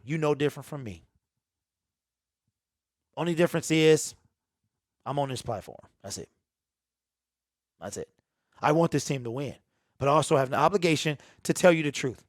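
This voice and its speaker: On his own sports channel, a man addresses viewers in an unedited, raw monologue full of emotion, emphasis, earnestness and repetition. His voice is on the high side, captured as a dry, studio-quality recording.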